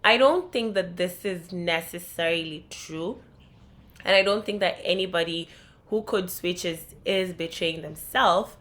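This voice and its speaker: A woman's voice: on the low side, measured pace, a bit bright. A young woman from Kenya with a Kenyan accent, talking candidly and reflectively in a vlog. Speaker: vlogger.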